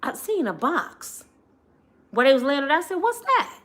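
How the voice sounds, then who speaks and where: A middle-aged woman shares family stories in a casual vlog, chatting lively with her viewers and laughing often as she speaks directly to them. Her voice is high-pitched and her pace moderate.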